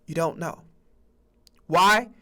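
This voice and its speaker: A man's voice: fairly high pitch, slow, sharp tone. A man hosting a sports stream, ranting heatedly about football with constant swearing and stammered repeats. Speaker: sports streamer and podcast host. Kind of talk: profane sports rant.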